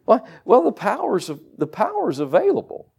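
A man preaching a sermon to a church congregation, animated and conversational, with folksy everyday asides. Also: very high voice, moderate pace, vocal fry, slightly rough.

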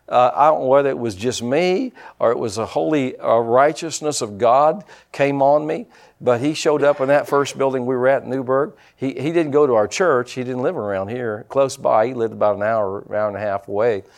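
A middle-aged man preaching a sermon as pastor, in a folksy, blunt manner, voicing people's excuses in quick asides. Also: medium pitch, gravelly, darkish tone.

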